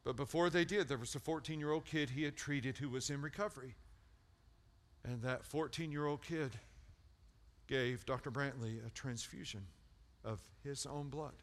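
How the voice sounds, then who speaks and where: A male pastor preaching a sermon, animated and storytelling, repeating words for emphasis and swinging from loud peaks to hushed lines. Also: mid-range voice, unhurried.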